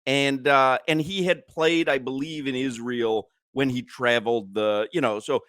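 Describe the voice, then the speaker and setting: On a sports radio show, a male co-host trades casual banter, rambling through stories and thinking out loud with lots of fillers. He speaks unhurriedly in a steady, mid-range, slightly bright voice, close to a studio microphone with no room sound.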